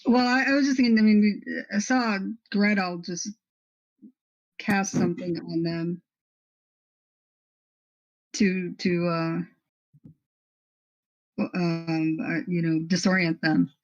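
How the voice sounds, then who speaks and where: A woman playing a tabletop game, halting and full of fillers as she decides what her character does. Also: on the low side, steady tone, highs cut off. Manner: halting, filler-heavy, bursts of laughter. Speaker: player. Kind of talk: casual tabletop play.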